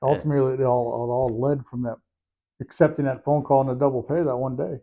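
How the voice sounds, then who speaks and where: A man's voice: medium pitch, steady tone, fast. A man hosting a casual interview, chiming in with short joking reactions. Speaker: podcast host. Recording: dull lo-fi audio.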